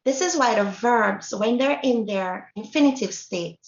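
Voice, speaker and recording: A woman's voice: a little high, unhurried. Jamaican woman teaching in an echoey room. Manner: patient, checks in often with the group. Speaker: Spanish teacher. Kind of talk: workshop lesson on pronunciation. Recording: dull, echoey room recording.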